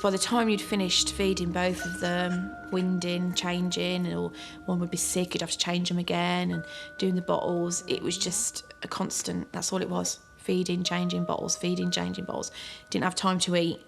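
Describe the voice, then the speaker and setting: Weary woman, creaky low voice. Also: completely flat delivery, normal speed, few pauses. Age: 40s. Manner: weary, plain-spoken recollection. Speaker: mother of twins. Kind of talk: documentary interview. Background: soft music.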